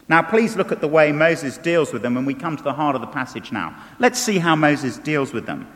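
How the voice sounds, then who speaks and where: A man delivers a sermon in a high voice, animated and emphatic, then dropping to hushed low tones. His voice rings out with the long reverb of a large hall. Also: brisk, few pauses. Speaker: preacher.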